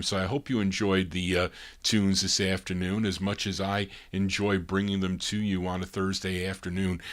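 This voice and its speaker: A male DJ with a fairly low voice, hoarse as he runs out of voice. He chats casually between records, laid-back and rambling, and stops to correct himself. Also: a bit bright. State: hoarse, losing his voice. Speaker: radio-style DJ host.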